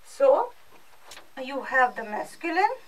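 A woman's voice: sits high, sing-song, takes it slowly, distant mic, rough recording. A female French teacher with an Indian English accent, giving a recorded class lesson and explaining patiently with lots of repetition.

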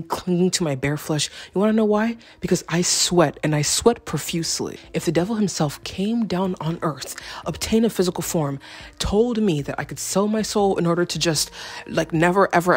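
A woman's voice: deep voice, breathy edge. A young woman talking casually through a fashion vlog, rambling and self-deprecating with jokey asides. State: out of breath. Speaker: fashion vlogger.

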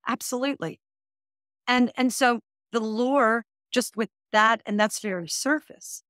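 A woman's voice: fairly high pitch, measured pace, fairly bright tone, no echo, studio quality. A woman speaking as a divorce coach guest on a podcast interview, earnest and emphatic, stacking her points in lists.

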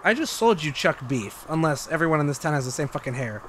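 A young man streaming gameplay commentary, excitable and joking, swearing freely. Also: on the high side, quick pace, a little hiss or hum.

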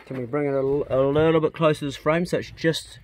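A channel host from New Zealand, with a slightly high voice and a fast way of talking, builds a garden inside a glasshouse. He's relaxed, cracking jokes and swearing casually as he chats.

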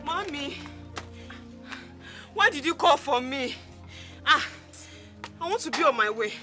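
A woman's voice: high voice, lively intonation, measured pace, bright, forceful tone, faint music behind, exaggerated voice. An actress with a Nigerian accent playing a desperate mother pleading and crying over her missing child in a gospel film. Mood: anguished. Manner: pleading, anguished, tearful.

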